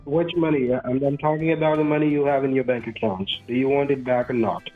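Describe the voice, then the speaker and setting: A bossy, condescending man barking instructions over a tinny phone line. His pitch sits in a middle register, with faint music playing behind him. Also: fairly even intonation, a little fast. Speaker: phone scammer. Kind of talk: phone call.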